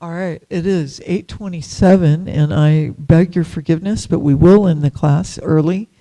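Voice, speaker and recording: A woman's voice: deep voice, moderate pace, mellow. A woman giving a devotional class at a temple, chatty and storytelling, laughing often.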